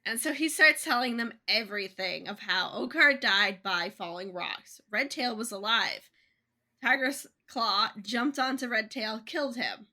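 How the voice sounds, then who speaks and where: A young woman co-hosting a casual book podcast, retelling a story in a chatty way with quick voiced asides. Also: on the high side, sharp tone. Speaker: podcast co-host.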